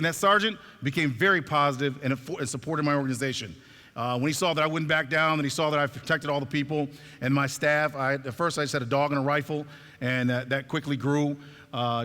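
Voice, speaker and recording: Bright-voiced man telling a story on stage. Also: medium pitch, in a large hall. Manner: animated, acts out the dialogue. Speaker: speaker at a talk.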